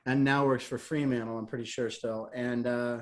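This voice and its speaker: A middle-aged man telling stories in a casual interview, animated and laughing often as he acts out what people said. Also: mid-range voice, moderate pace. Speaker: guest, comedian and game show host.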